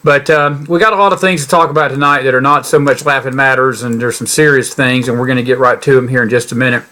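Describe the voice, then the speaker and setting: A middle-aged man hosting a political podcast, his voice sitting at an ordinary mid pitch. His delivery is folksy and earnest, and it grows indignant as he talks straight to his listeners. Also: fairly even intonation, fast talker, bright, forceful tone. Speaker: podcast host.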